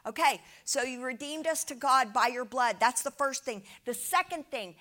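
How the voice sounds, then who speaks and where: A woman delivers a sermon in a bright, tense voice pitched a little high. She is animated and emphatic, and she keeps checking in with her listeners through rhetorical questions. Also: normal speed. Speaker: preacher. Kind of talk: sermon with slides.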